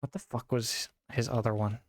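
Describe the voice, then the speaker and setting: A man's voice: medium pitch, steady tone, moderate pace, no echo. Young guy on stream kinda tipsy, rambly and sweary, laughs a lot, dry close sound. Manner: rambling and profane, with frequent laughs. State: a little tipsy from drinking. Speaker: streamer reviewing movies. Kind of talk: casual live-stream chat.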